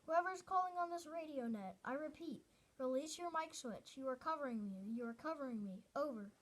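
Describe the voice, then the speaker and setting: A woman reading aloud, voicing a calm adult male radio operator who speaks in measured, procedural radio talk. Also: sits high.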